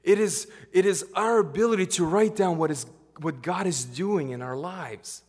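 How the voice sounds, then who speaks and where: Male preacher, earnest testimony style, slightly high voice, long hall reverb. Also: moderate pace, darkish tone. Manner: earnest storytelling, quoting scripture. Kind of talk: sermon testimony.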